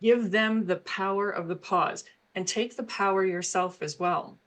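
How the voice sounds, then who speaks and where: A middle-aged woman with an HR background appears as an interview guest, earnestly explaining parenting ideas and laughing between points. Her medium-pitched voice is a bit bright, fairly even in intonation, and a little slow.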